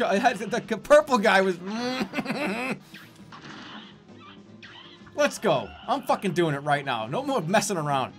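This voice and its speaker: A man streaming a video game, with casual commentary full of loud frustrated outbursts and cursing, who drops into quick mumbled asides while reading chat. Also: high voice, big pitch swings, faint music behind.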